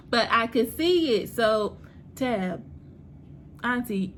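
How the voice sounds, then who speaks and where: A woman hosting her own vlog, chatting about a TV series in a lively, slangy way and laughing often. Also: fairly high pitch, slow, pauses often, a little hiss or hum. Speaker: host reviewing a TV series. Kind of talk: casual TV recap vlog.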